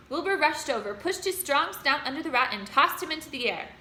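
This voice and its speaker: A woman teacher reads a children's story aloud in an expressive way. Her voice is high and bright, and the room around her is echoey. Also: fairly quick, few pauses, a little hiss or hum. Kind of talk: reading a children's novel aloud. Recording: roomy room echo.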